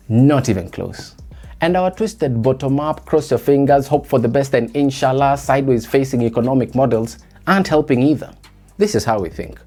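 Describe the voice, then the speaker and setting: Kenyan man musing in a mellow voice. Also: medium pitch. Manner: reflective, rhetorical questions to listeners. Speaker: podcast host. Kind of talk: solo podcast monologue.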